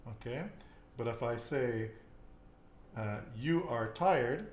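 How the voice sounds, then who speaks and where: A man runs a relaxed Spanish lesson and keeps asking his student questions to check what she knows. His voice bounces around a reverberant room. There is a light hiss of background noise. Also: mid-range voice, slow pace, highs cut off. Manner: patient, quizzing with questions. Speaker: Spanish teacher. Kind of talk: casual language lesson.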